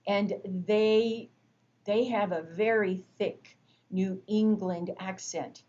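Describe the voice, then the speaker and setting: A woman instructor giving a recorded lecture, explaining terms in a measured way with frequent fillers. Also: medium pitch, fairly even intonation, warm tone, muffled recording.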